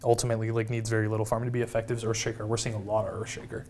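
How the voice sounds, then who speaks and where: A man's voice: on the low side, monotone, a little mellow, slight background noise. A man co-hosting an esports recap in casual chat, hedging a lot with "like" and "I guess.". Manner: fast and loose, hedging with "like" and "I guess". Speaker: esports co-host. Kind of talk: casual game analysis chat.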